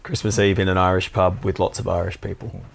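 A man's voice: deep voice, little pitch movement, fairly quick, gravelly. A man, a pub musician telling dry, swear-laced anecdotes in casual chat. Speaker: pub musician, podcast co-host.

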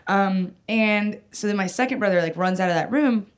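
A woman's voice: mid-range voice, moderate pace. A woman telling a personal story in casual chat, rambling, full of "like" and "um", with frequent restarts and casual swearing.

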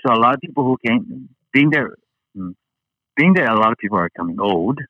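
A man's voice: medium pitch, lively intonation, a little fast, no echo, lo-fi sound. A man from Hawaii, a guest chatting casually and rambling with many fillers and restarts. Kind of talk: casual interview chat.

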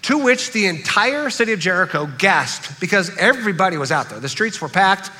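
A pastor preaching a sermon in a church, animated and acting out the voices of the people he quotes. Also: high voice, fairly quick, in a large hall. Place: church sanctuary.

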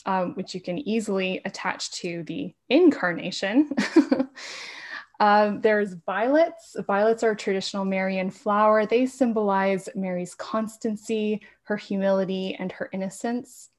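A woman who is a podcast guest in a casual interview, talking fast and laughing often. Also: medium pitch. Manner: talks fast with frequent laughs.

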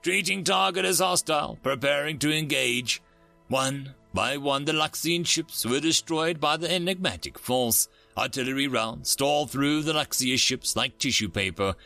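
A man's voice: mid-range voice, animated, unhurried, few pauses, bright, forceful tone, faint music behind. A man narrating a dramatic sci-fi story with varied emphasis.

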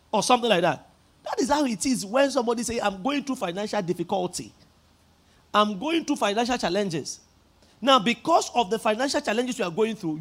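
A man with a Nigerian accent preaching a sermon as pastor, emphatic, leading the congregation in repeating lines and rising to shouts. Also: extremely high pitch.

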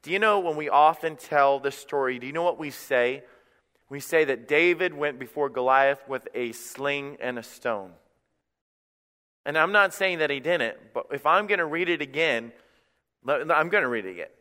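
A male pastor delivers a sermon with rising passion, often stammering and restarting before pressing his point. His voice sits a bit high and sounds bright and forceful. A long church reverb trails each phrase. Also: lively intonation, moderate pace. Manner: impassioned, rising to near shouts, with stammered restarts.

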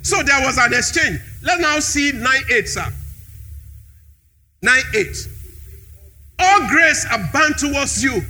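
A man's voice: very high-pitched, lively intonation, slow, long pauses, bright, forceful tone. A man preaching a sermon in a church hall, repeating key phrases with emphasis.

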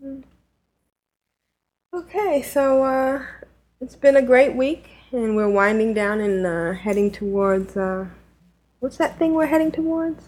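A woman hosting a casual chat podcast, talking chattily, giggling and pausing on fillers. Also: sits high, expressive, darkish tone. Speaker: podcast host.

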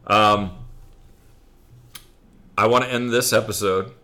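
A man with a fairly low but bright, forward voice, co-hosting a casual podcast. He tells rambling jokes and keeps cracking himself up along the way. Loose, swearing, unpolished chat. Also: steady tone, takes it slowly. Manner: laughs through his own jokes, swears. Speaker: podcast co-host. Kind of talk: casual joke-telling chat.

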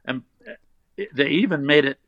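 An older man, a voice actor guest, telling animated anecdotes in a casual interview and slipping into playful voices. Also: on the high side, moderate pace, no room sound. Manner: animated storyteller who slips into playful voices. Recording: dry, dull lo-fi sound.

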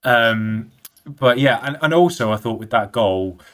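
A man's voice: mid-range voice, animated, a little slow, a bit bright, slight background noise. A man on a casual football podcast, giving a detailed, analytical breakdown of play. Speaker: podcast co-host.

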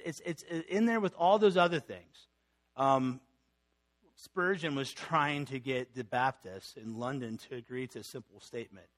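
A middle-aged man, a pastor, preaching a sermon in a conversational teaching manner, reading scripture and creeds aloud with fillers and restarts. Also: mid-range voice.

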